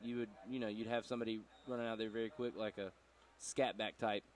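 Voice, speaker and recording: A man's voice: on the low side, flat delivery, quick pace. A man giving chatty, analytical color commentary on a football game, with rambling asides. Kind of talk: sports commentary.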